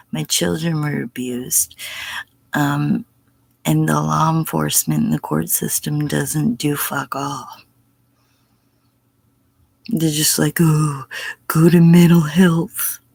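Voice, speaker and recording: A woman's voice: low voice, darkish tone, no echo. A middle-aged woman on a casual livestream answering chat, blunt and profane, sometimes dropping to a whisper. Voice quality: gravelly, husky.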